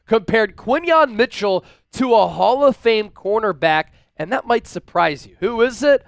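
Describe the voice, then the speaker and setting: A man hosting a live-stream sports talk show from a studio, energetic and hyping up his viewers. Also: high voice, no room sound. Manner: energetic, hypes up viewers with shout-outs.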